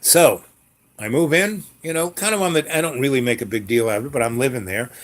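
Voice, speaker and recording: A man's voice: mid-range voice, brisk. An older man telling a personal story in a casual, rambling way, full of fillers and restarts. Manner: rambling, frequent fillers and self-corrections.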